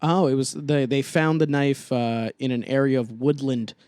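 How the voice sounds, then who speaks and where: A young man co-hosting a casual podcast, joking around while reading news out loud. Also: medium pitch, little pitch movement, normal speed, clean tone, dry recording. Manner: joking, reads news aloud with asides. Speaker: podcast co-host. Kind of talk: casual chat.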